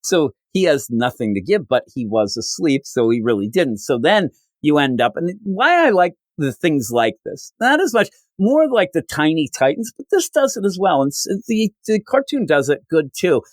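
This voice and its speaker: A man hosting a comics podcast, recapping a story with animated storytelling and acted-out quotes. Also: fairly high pitch, moderate pace, few pauses, no room sound. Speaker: podcast host. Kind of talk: casual comic review recap.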